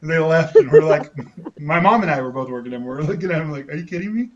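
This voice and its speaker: A man's voice: a little high, fast talker, lo-fi sound, a little hiss or hum. A man co-hosting a casual chat show, telling rambling anecdotes and laughing often. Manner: laughs a lot, rambling anecdotes with loud impressions. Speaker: podcast co-host.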